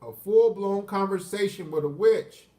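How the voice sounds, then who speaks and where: Speaking unhurriedly in a high-set voice with a dark tone, a man who streams dating commentary goes on a crude, unscripted rant and answers chat. He sits far from the mic, and the room echoes.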